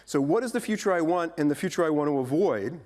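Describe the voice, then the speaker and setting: Male keynote speaker, lively pitch swings, conversational and playful with the audience. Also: fast talker. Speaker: futurist speaker. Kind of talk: conference keynote talk. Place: conference stage before a live audience.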